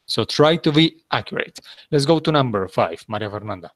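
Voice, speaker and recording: A man's voice: mid-range voice, lively intonation, brisk, fairly bright tone, no room sound. A man teaching an English class, patiently repeating his instructions and checking in with his students.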